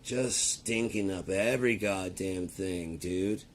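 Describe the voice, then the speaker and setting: A man's voice: sits low, slow pace, slight background noise. A man ranting in a casual, profane and rambling way, talking to the camera. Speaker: vlogger. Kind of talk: casual rant.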